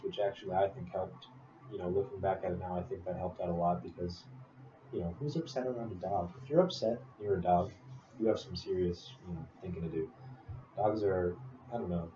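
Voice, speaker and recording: A young man with a low voice tells a personal story in a loose, rambling way, stopping for asides. He sounds a bit off from the mic, in a roomy space with an echo. The recording is dull and has steady noise behind it. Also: distant mic. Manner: rambling, full of fillers and asides. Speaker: speaker telling a personal story. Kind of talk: casual storytelling speech.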